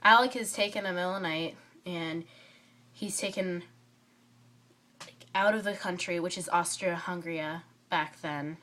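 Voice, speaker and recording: A woman with a cold giving a chatty, rambling book review vlog, full of fillers and tangents. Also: medium pitch. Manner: rambling and excitable, many fillers, drifts off topic. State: stuffy from a cold.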